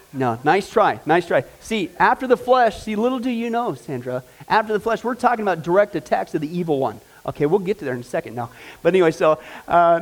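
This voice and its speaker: A man with a high-pitched voice teaches a Bible class, talking in a lively, conversational way and often stopping to check in with the class. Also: poor audio. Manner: energetic, conversational, with frequent check-ins to the class.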